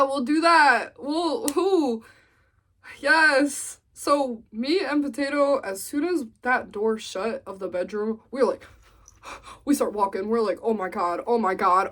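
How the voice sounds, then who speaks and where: A woman's voice: sits high, takes it slowly. A young woman vlogger telling a storytime, acting out what people said. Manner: animated storytelling, acts out quotes. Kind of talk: storytime vlog.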